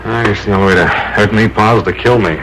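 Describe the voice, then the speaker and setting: A man's voice: lowish voice, steady tone, fast talker, background noise, close to an everyday voice. A man playing a stern eldest ranch son.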